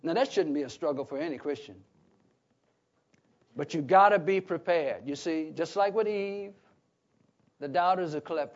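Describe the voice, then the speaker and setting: A man preaching a Bible teaching sermon, emphatic, often pausing on "what?" so listeners fill in the words. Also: on the high side. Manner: emphatic, repeats key phrases. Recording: dull lo-fi recording.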